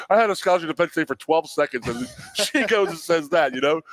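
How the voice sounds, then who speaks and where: A man's voice: fairly high pitch, brisk, no echo. A man in his forties, a former college lineman co-hosting a sports radio show, telling a long story in casual chat and acting out the people in it. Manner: animated storyteller, acts out quotes in raised voices. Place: studio at a restaurant.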